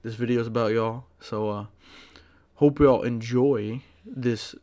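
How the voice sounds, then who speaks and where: A man telling a story to his channel in a casual, rambling way, full of fillers and excited restarts. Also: medium pitch, unhurried. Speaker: vlogger.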